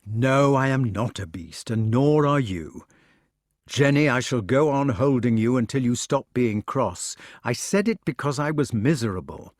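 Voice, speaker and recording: An earnest, brooding knight who pleads and broods in turn, read by a man. The voice moves lively up and down in a storybook reading. The sound is dry and close. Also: medium pitch, unhurried, no echo. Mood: pleading.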